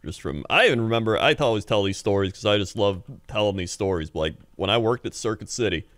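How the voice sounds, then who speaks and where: A man's voice: on the low side, quick pace, a bit bright, no echo. A man in his thirties co-hosting a podcast, telling rambling stories with lots of laughs and acted-out voices. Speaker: podcast co-host. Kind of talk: casual storytelling chat.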